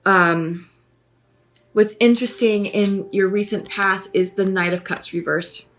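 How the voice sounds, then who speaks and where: A woman giving a spoken tarot reading, musing and gentle, pausing often with fillers as she thinks aloud. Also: medium pitch. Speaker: tarot reader.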